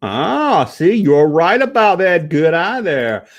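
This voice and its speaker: A man with a fairly high voice that swoops up and down, chatting loosely on a live stream. He rambles and reacts to chat, swears casually and stumbles into stammered restarts. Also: very animated, slow, highs cut off.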